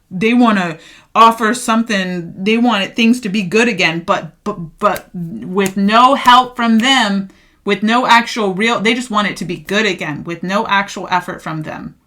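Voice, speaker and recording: A bright-voiced woman talks her way through a tarot spread in a loose, chatty way. She gets fired up and emphatic, with lots of filler words. Her tone stays clear and forward. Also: medium pitch, moderate pace. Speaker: tarot reader. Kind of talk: casual tarot reading monologue.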